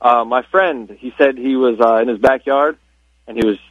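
A man's voice: mid-range voice, moderate pace, no room sound. A man calling into a radio show, telling a story in a rambling, casual way over a phone line. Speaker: caller.

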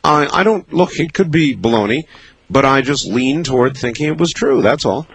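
A man hosting a late-night call-in radio show from a studio, musing and halting as he thinks aloud. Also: mid-range voice, expressive, a bit bright, a little hiss or hum, poor audio. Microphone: studio microphone.

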